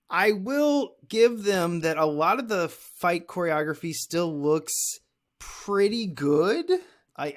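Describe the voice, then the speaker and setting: A man in his thirties co-hosting a podcast, chatting casually and a bit ramblingly while reviewing a movie. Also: on the high side. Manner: chatty, rambling, self-deprecating. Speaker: podcast co-host.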